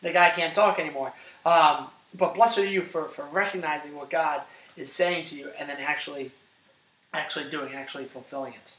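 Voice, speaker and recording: A man teaching a class on scripture, animated, asking questions and often checking in with "right?". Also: on the high side, normal speed, far from the mic. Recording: roomy echo from off-mic.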